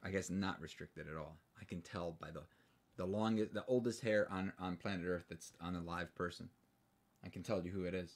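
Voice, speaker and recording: Livestream co-host, male, low voice, loose and rambling banter. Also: steady tone, fairly quick. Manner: rambling, joking, frequent restarts. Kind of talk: casual live stream chat.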